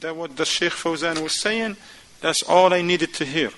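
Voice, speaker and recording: A man teaching a class at a mosque, animated, acting out little dialogues in casual non-standard English. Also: a little high, moderate pace, rough recording. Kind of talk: lecture class.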